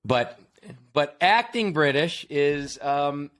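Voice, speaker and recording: A man's voice: on the high side, animated, takes it slowly, a bit bright. An American man hosting a casual podcast, talking things through with asides and restarts. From United States. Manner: conversational, explains with asides and restarts. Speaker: podcast host.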